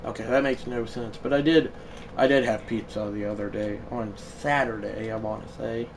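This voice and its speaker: A man streaming a baseball video game live, chatting loosely and bursting into shouted play-by-play calls. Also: medium pitch, fairly even intonation, moderate pace, creaky, far from the mic, background noise. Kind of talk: live gaming stream commentary.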